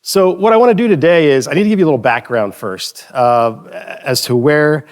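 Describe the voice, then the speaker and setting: A man's voice: fairly high pitch, brisk, darkish tone. A man presenting a conference talk on stage, telling anecdotes in a casual, joking way with frequent restarts. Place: stage in front of an audience.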